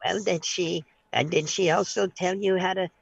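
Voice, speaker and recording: Guy doing a high raspy old granny voice, 87, sweet but pushy, says dear a lot, dull lo-fi sound. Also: fairly even intonation, moderate pace, no room sound, heavily acted. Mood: sweet, cheeky. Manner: croaky granny voice, ends every line with "dear". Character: 87-year-old woman, sweetly lewd and pushy. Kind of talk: prank phone call.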